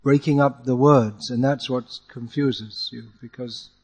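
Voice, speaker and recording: A man teaching a class to chant Sanskrit verse, correcting pronunciation patiently and chanting lines slowly as an example. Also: mid-range voice, fairly even intonation, a little mellow, slightly rough, long reverb tail.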